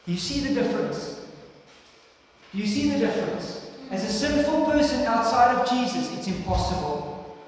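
A South African pastor preaches with a strikingly high voice, hammering words through repetition, then sinking into hushed appeals. His voice rings through a big church hall from a far microphone. A faint hum sits under it all. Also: very animated, normal speed. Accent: South African English. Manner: preaching with emphatic repetition and sudden quiet pleas. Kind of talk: sermon. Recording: echoey hall, distant mic, faint noise.

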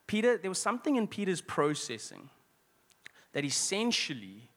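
Guy preaching, slightly high voice, echoey church hall, chatty asides. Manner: lively, conversational preaching with quick asides and restarts. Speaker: pastor. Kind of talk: sermon.

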